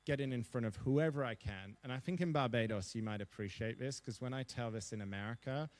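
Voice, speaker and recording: A man in his thirties with an Australian accent, speaking as a guest at a seminar. He tells anecdotes in a brisk, animated way, pokes fun at himself, and drops in quick asides. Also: mid-range voice. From Perth, Western Australia. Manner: lively anecdotal storytelling, self-deprecating, quick asides. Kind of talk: storytelling interview on a seminar stage. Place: seminar hall before an audience.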